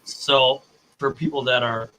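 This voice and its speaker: Streamer type: American man, bright and forward tone, chatty and self-correcting. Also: mid-range voice, fairly even intonation, a little slow, rough recording. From United States. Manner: rambling, self-correcting, talks to chat. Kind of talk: casual chat on a live stream.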